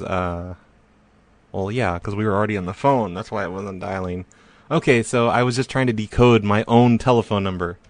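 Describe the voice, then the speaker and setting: With a fairly low-pitched voice and no room sound, a man hosts a prank call live stream, chatting casually and rambling with halting fillers and self-deprecating remarks.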